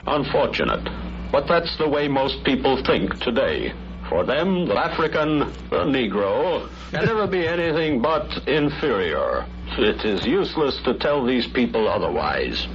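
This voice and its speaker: An actor playing a professor in an old educational film, lecturing formally and earnestly about prejudice. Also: male voice, medium pitch, sing-song, measured pace, soft background music. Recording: hissy dull old film soundtrack.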